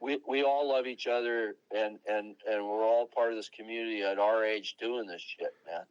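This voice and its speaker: Rambling older man, low voice. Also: steady tone, muffled recording, over a noisy crowd. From Long Island, New York. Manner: digressive, halting, many restarts. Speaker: guest, rock guitarist. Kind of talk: rambling interview talk.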